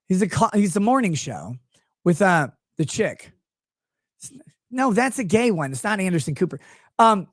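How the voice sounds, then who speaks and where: A man ranting as a show host, crude and sarcastic, his pitch swinging widely as he mocks people. The sound is dry and close, with no room behind it. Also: no echo. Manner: slips into mocking impressions of others. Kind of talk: profane live-stream rant.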